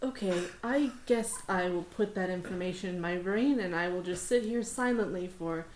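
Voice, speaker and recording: A woman's voice: lowish voice, normal speed, a little mellow, roomy sound, a little hiss or hum. A woman running a tabletop role-playing game, playing a frazzled, flustered leader who swears a lot. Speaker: game master. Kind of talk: tabletop role-play narration and character voice.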